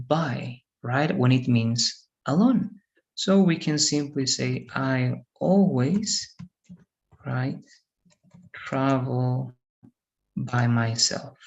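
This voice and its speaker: A man's voice: mid-range voice, dull audio. A man teaching an English grammar lesson in an online class, patient and repetitive, often checking in with "right?".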